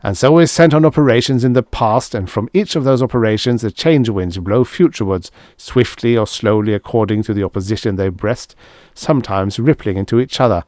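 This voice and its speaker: A man with a low voice voicing a bitter First World War soldier who rants hoarsely and loudly in an audiobook. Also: no room sound, studio quality. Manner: hoarse, loud ranting that keeps rising. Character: raving shell-shocked WWI soldier, bitter and wild.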